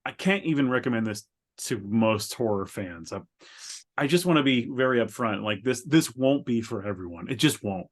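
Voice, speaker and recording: A man's voice: animated, normal speed. Stammering, rambling male podcast co-host. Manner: rambling, stammering, laughs often while describing. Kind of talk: casual chat. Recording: lower quality than usual.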